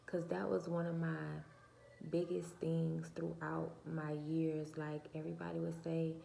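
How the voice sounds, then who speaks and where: Soft-spoken woman with a cracking voice. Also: monotone, a little slow, creaky, reverberant, a little hiss or hum. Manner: soft-spoken, talks low; preachy, emphatic rhetorical questions. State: voice low and cracking. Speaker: channel host. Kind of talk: casual monologue to viewers. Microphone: phone or camera mic, her own mic uncharged.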